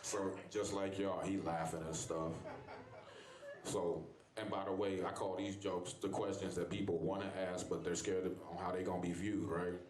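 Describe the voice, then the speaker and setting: Deep-voiced man doing stand-up. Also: little pitch movement, moderate pace. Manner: loose, profane storytelling with crowd asides. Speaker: stand-up comedian. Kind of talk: stand-up set. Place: bar comedy stage. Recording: echoey club with loud crowd. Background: crowd laughing.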